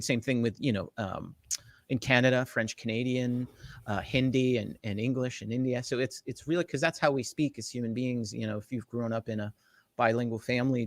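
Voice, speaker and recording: A man's voice: mid-range voice, gravelly, dry recording. A middle-aged man from the Shore, explaining technology as a guest in an enthusiastic, rambling way, with lots of fillers and restarts. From Jersey Shore, US. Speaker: tech evangelist guest. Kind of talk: casual interview explanation.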